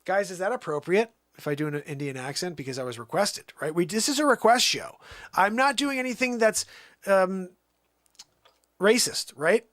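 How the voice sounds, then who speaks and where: A man's voice: sits high, expressive, normal speed, a bit bright, dry recording, studio quality. A man hosting a livestream, chatting casually and rambling defensively to his viewers. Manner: defensive, rambling, talks to chat. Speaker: livestream host.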